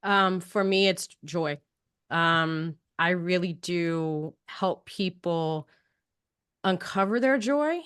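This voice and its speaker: A woman's voice: lowish voice, slow, fairly bright tone, clear, resonant tone. A woman coach on a podcast roundtable, talking reflectively and thinking aloud. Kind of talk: casual roundtable sharing.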